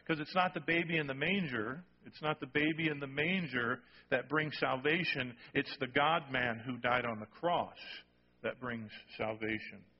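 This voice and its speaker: Male preacher, emphatic sermon delivery, husky tone, recorded dull in a reverberant hall. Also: mid-range voice. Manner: emphatic, repeats key phrases, asks the congregation "okay?". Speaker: pastor.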